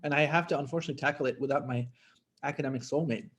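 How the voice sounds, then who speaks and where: A man hosting a clinical case conference on a video call, talking in a chatty, lively way and thinking aloud with fillers. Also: mid-range voice, racing, breathy edge. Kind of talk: casual, talkative teaching.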